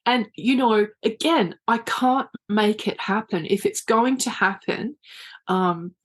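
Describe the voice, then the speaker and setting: A middle-aged woman, a psychic medium guest on a podcast, speaking in a gentle, reflective way with plenty of 'you know'. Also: medium pitch, slow pace. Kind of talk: casual podcast interview.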